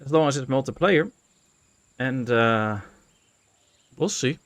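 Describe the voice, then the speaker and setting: Slow and mid-range in voice, this Dutch gaming streamer plays a colony-building game in a dry recording. He chats casually with his viewers, musing aloud and using lots of fillers.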